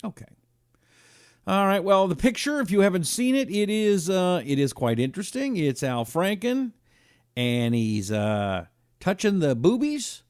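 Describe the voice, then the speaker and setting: A man hosting a live talk show, reading an ad and viewer comments in an animated, emphatic way. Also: fairly high pitch, no room sound, clean studio sound.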